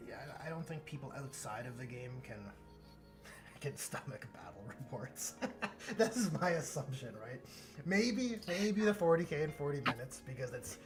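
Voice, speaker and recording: A man's voice: mid-range voice, sing-song, normal speed. Man, casual hobby chat, easygoing, restarts sentences, music playing behind. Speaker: streamer host.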